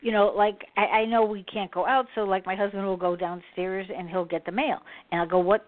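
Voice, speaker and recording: A woman hosting a talk show, chatting in an expressive way and laughing easily with her guests. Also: medium pitch, fairly quick. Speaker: host. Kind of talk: casual chat on a call-in show. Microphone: phone. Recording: tinny phone line with faint noise.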